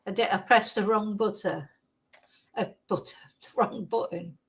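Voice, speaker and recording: A woman's voice: mid-range voice, normal speed. A woman hosting a casual livestream. She rambles chattily and thanks viewers as she goes. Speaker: livestream host.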